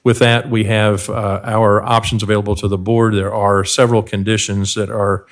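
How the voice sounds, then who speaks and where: Brief: male county planner with a lower voice, quick and matter-of-fact, briefing a board. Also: little pitch movement. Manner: rapid-fire briefing, self-described auctioneer pace. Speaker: county planning staff presenter. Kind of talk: staff report at a public board meeting. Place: public meeting room.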